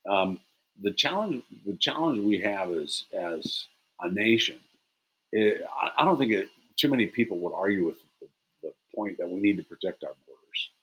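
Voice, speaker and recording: A man in a casual political chat, talking haltingly and restarting his sentences. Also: fairly low pitch, lively intonation, a bit bright, husky, poor audio.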